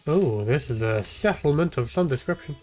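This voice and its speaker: A man's voice: fairly high pitch, animated, normal speed, a little mellow, faint music behind. A young man rambling and swearing casually through live gameplay commentary as a streamer. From half Irish, half English. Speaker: game streamer.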